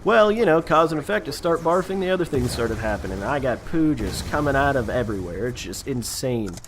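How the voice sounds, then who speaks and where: Animated young man telling a gaming-channel story. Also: medium pitch, a little fast, noisy background. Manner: animated, rambling, self-mocking storyteller. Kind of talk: casual storytelling over gameplay commentary.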